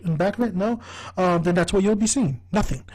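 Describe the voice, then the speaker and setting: Man voicing a fussy, pushy young play director. High, strained and bossy. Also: quick pace, a little mellow.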